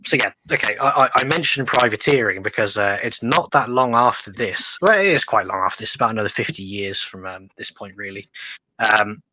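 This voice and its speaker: English man, casual podcast explainer, rambling with fillers; lower pitch, crisp dry close sound. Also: animated, brisk, bright, forceful tone, dry recording, poor audio. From England. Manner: rambling explainer, lots of ums and restarts. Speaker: podcast guest. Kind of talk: casual history chat.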